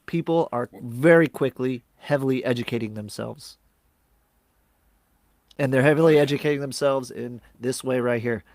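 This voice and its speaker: A man co-hosting a live stream in casual chat, energetic and often acting out customer calls in a raised voice. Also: mid-range voice, normal speed, dry recording. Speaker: co-host.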